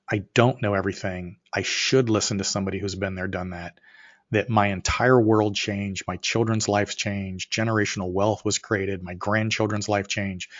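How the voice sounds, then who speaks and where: A middle-aged man with a lowish voice tells a story as a podcast guest, acting out each voice in it. He swings from quiet asides to excited, near-shouted lines. The audio is slightly muffled and lo-fi. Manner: animated storyteller, acts out dialogue, rising to near shouts.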